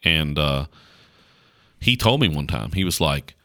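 A man with a low voice and a rural North Carolina accent speaks as a pastor in a relaxed interview. His delivery is folksy and earnest, bright and forceful in tone, and he often restarts his sentences. The recording is close and dry. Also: measured pace, dry recording. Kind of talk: casual conversational interview.

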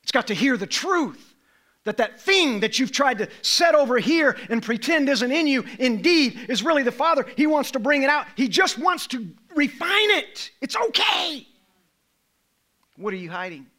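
A middle-aged man preaching a sermon, swinging from low, quiet passages to loud, raised ones. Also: very animated, normal speed.

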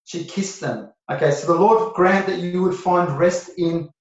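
A pastor preaching to his congregation, a man with a somewhat high voice who leans hard on repeated phrases. His words ring through a very reverberant church hall, and the sound is slightly dull and muffled. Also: unhurried, recorded from a distance. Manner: emphatic, repeats key phrases. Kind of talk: sermon.

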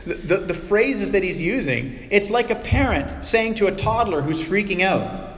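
In a sermon with a long, hall-like echo, a high-voiced male pastor teaches conversationally and expressively. He lets dramatic pauses hang and slips in soft, hushed side remarks.

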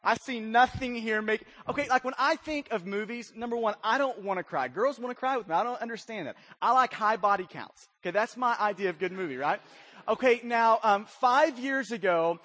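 High-voiced man preaching a casual, joking sermon. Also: expressive, fairly quick, pushed and bright. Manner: conversational storytelling with frequent "right?" check-ins. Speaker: pastor.

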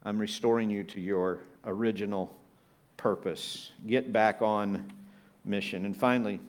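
A man preaching a sermon, building from quiet reflective lines to loud, emphatic peaks. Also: on the low side. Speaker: pastor.

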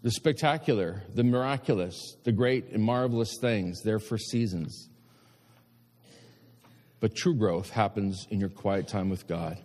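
A man's voice: fairly low pitch, measured pace, a little mellow. A man preaching a sermon to his congregation, emphatic and direct, with repeated appeals to his listeners. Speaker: pastor. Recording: long hall reverb.

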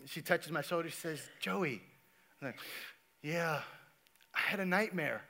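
Preaching to his congregation, this male pastor takes a relaxed storytelling approach. His sharp voice is slightly high with some vocal fry, and he speaks at a moderate pace. A faint hiss or hum runs through the recording.

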